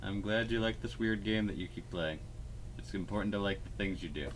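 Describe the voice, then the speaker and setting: A man's voice: on the low side, brisk, slight background noise. A man co-hosting a let's play in casual chat, teasing and dismissive in a dry way. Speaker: co-host, sibling.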